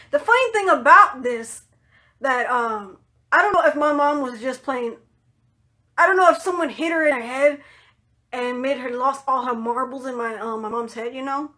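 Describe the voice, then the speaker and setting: High-voiced woman rambling through a story. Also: moderate pace, bright, forceful tone. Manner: rambling, full of "you know" and "like"; blunt, swears freely. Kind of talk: casual storytime monologue.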